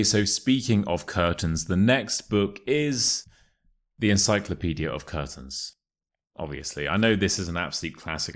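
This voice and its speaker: A young man with a polished Modern RP English accent leads a pronunciation lesson. His voice sits very low and deep. He reads passages slowly and deliberately, then slips into a casual, chatty tone to explain the sounds. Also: fairly bright tone. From England. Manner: clear, deliberate reading, casual asides. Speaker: accent teacher.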